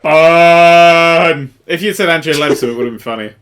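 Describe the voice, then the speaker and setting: Teasing high-voiced British man. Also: lively intonation, sharp tone. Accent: British English. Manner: teasing, sarcastic, quick wisecracks. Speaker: podcast co-host. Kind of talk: casual podcast banter.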